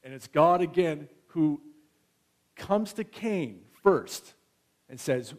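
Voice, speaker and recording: A man's voice: on the high side, lively intonation, slow, a little mellow. A man in his thirties preaching a sermon in a conversational way, often checking in with his listeners. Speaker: pastor.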